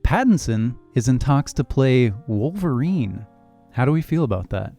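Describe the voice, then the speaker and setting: A young man co-hosting a casual movie podcast, opinionated and quick to laugh. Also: mid-range voice, very animated, mellow, soft background music. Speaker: podcast co-host.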